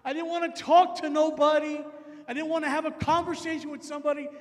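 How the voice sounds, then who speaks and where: A male preacher telling a story in a sermon, animated and dropping into low, quiet asides, with a long hall reverb. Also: quick pace.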